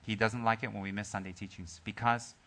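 His voice fairly low, a man who teaches Buddhism gives his group a Dharma talk. He starts out joking, then recounts a story in a soft, calm manner, stopping and starting again many times.

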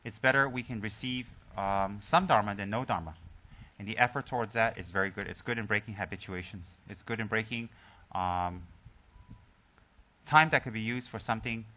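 A man who is a Buddhist teacher giving a Dharma teaching to his group, joking at first and then telling a story in a calm, soft way with many pauses and restarts. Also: on the low side.

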